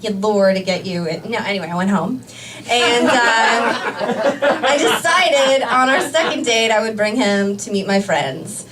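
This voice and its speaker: A young woman stand-up comedian telling a story in a chatty, profane way, laughing as she goes. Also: on the high side. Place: comedy club stage. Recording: distant stage mic, live crowd. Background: laughing audience.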